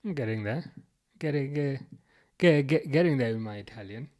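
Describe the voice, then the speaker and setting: A man's voice: mid-range voice, lively intonation, normal speed, darkish tone. A man with a Birmingham accent hosting a football watchalong livestream, reading viewer comments aloud in a chatty, laid-back way with frequent restarts and chuckles. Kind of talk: casual live-chat commentary.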